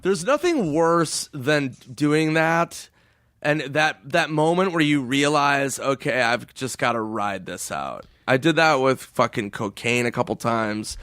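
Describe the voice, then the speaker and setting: Male comedian guest, mid pitch, laughing storyteller with quick impressions, dry close studio mic. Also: animated, a bit bright, clean tone, no echo. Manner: laughing storyteller, voices quoted people in a high put-on pitch. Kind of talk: casual storytelling.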